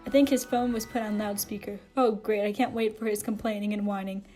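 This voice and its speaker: A woman reading fan fiction aloud, expressive, with sarcastic asides. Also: medium pitch, brisk, soft background music. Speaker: reader.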